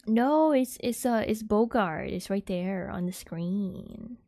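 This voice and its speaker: A young woman livestreamer chatting casually with viewers in a soft, airy, giggly way, rambling with lots of fillers. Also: mid-range voice, creaky, no echo.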